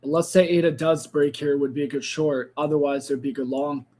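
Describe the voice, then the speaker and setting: A man with a fairly high voice hosts a live trading stream at his desk. He talks through the charts in loose, casual commentary, often changing his mind mid-sentence. His voice sounds a little worn, as if he is losing it. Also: little pitch movement, quick pace, warm tone. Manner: thinks aloud, second-guesses himself mid-sentence. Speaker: crypto trading livestream host.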